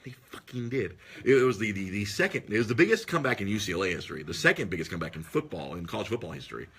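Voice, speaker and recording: Excitable husky-voiced man telling a story. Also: on the low side, very fast. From Los Angeles area. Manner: excitable storytelling, heavy swearing, loud squealing impressions. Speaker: podcast host. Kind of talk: casual podcast chat.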